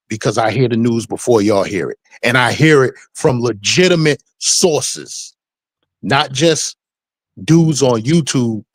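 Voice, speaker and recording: A man's voice: medium pitch, no room sound. Assertive man speaking to the chat. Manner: assertive, addresses the chat directly. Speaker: panelist. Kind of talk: casual online panel chat.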